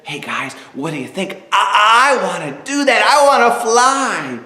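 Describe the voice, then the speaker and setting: A man doing a shy young eagle raised with chickens, kinda hesitant and eager, bit higher voice. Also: sing-song, a little slow, bright, forceful tone, roomy sound, exaggerated voice. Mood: wistful. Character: young male eagle who thinks he's a chicken.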